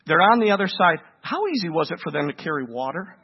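A man preaching a sermon to a congregation, animated and asking them questions. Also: fairly high pitch, fast, breathy edge, lo-fi sound. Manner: animated, asks the congregation questions, acts out voices.

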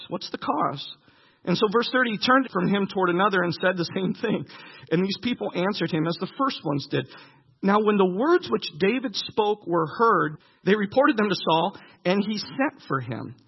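A man's voice: sits high, creaky, husky. A man preaching a sermon, reading scripture aloud and breaking off to comment. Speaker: pastor. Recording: dull lo-fi recording with long hall reverb.

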